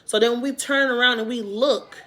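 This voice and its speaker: A woman vlogger telling a storytime to her viewers in a casual, animated way, with emphatic loud bursts. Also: a little high, moderate pace.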